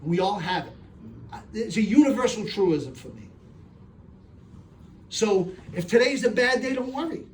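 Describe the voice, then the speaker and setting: A middle-aged man answers questions from a live audience in an earnest, streetwise way. His voice sits a little high for a man. It is picked up from across the room with faint background noise. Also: very animated, a little slow, long pauses, far from the mic. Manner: streetwise, earnest, tells stories with acted voices.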